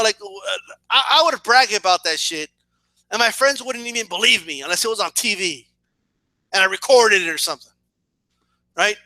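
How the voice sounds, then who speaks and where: A boxing and wrestling commentator rants casually to his camera in a high, very bright voice, sarcastic and swearing freely. As he gets worked up he stumbles and repeats words. The recording is dry and close, with almost no room echo.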